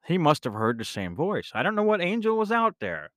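A man hosting a podcast, telling a rambling personal story in a casual, animated way, often correcting himself mid-sentence. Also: on the high side, fairly quick, dry recording, clean studio sound. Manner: animated, rambling, with self-corrections and bursts of laughter. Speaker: podcast host.

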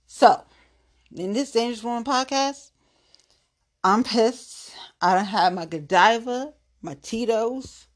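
A woman's voice: fairly high pitch, slow pace. A woman hosting her own podcast, a tipsy solo rant that is blunt, profane and threatening. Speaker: podcast host.

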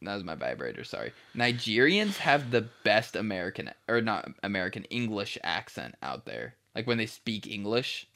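A man's voice: fairly low pitch, very animated, normal speed, hardly any pauses, pushed and bright. A man co-hosting a podcast, trading crude jokes casually, laughing often and swearing freely. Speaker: podcast co-host.

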